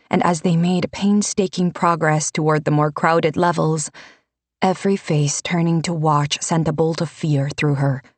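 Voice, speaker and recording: A woman narrating a fantasy audiobook in a measured, unhurried storytelling manner. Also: sits low, dry recording.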